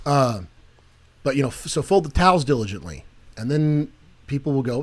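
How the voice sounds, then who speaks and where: A man's voice: medium pitch, big pitch swings, moderate pace, long pauses. A man in a mid-range voice co-hosting a Christian talk podcast. He jokes with rising energy, then turns earnest and preachy. He speaks casually to his co-host. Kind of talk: casual faith chat.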